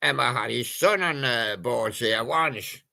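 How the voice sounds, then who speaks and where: Slow, gravelly man with a bright voice. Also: medium pitch. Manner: punning, playful, sings snatches of song. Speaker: radio presenter. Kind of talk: jokey oldies radio patter.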